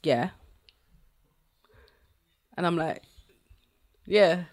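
A woman's voice: fairly low pitch, drawn-out words. A young woman, a radio DJ, telling stories in a casual podcast chat and laughing often. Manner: animated storytelling, laughing often.

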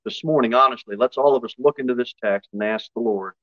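A male pastor preaching a sermon, his voice jumping high and loud for emphasis before dropping back low. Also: fast talker, dry recording, highs cut off. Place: church.

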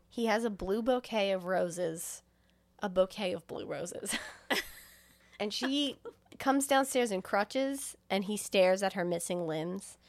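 Giggly woman recapping a movie. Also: medium pitch. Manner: giggly, laughs often while telling. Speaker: podcast co-host recapping a film. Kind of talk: casual chat, retelling a plot.

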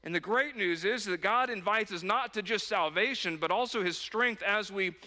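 A man's voice: sits high, normal speed, pushed and bright. A man preaching a sermon as a pastor, earnest and urging, repeating phrases for emphasis. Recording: long hall reverb.

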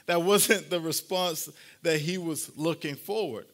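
A man's voice: on the high side, unhurried, a bit bright. A man preaching a sermon to his congregation, telling a family story in a conversational, playful way. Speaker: pastor.

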